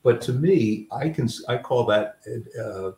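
A man's voice: medium pitch, animated, unhurried, warm tone. An older man, a guest author, telling personal stories in a reflective conversational way with many fillers. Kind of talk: conversational storytelling. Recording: roomy sound, distant mic.

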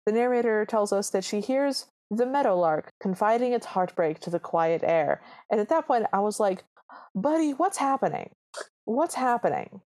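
A woman's voice: mid-range voice, moderate pace, few pauses, mellow. A woman co-hosting a podcast, recapping a movie in casual chat. She sounds sarcastic and exasperated. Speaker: podcast co-host.

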